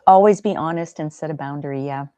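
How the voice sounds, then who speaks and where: A woman hosting a livestream in a gentle, chatty way, reading viewer comments aloud. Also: deep voice, fast talker, no room sound. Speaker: livestream host. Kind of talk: casual chat.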